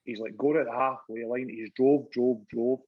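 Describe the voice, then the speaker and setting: A Scottish man, a former goalkeeper, chatting as a podcast guest and telling stories in an animated way, laughing and swearing freely. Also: medium pitch, moderate pace, husky, narrow, tinny audio. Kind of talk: casual chat.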